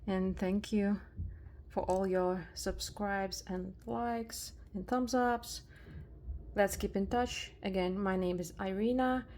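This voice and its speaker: A woman with a Russian accent, unboxing thrifted jewelry in a soft-spoken vlog, slow and marveling at each find. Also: mid-range voice, steady tone, a little hiss or hum. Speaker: jewelry reseller vlogger.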